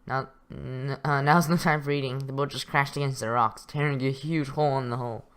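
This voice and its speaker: A man's voice: medium pitch, fairly even intonation, brisk, a bit bright, clean tone. A young man reading a text adventure game aloud, adding casual remarks, chuckling often and stumbling over words. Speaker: gaming YouTuber.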